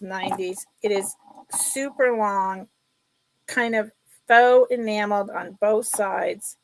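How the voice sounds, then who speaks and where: A middle-aged woman chatting casually while selling jewelry on a live sale, telling stories in an animated way. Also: medium pitch, gravelly, no echo.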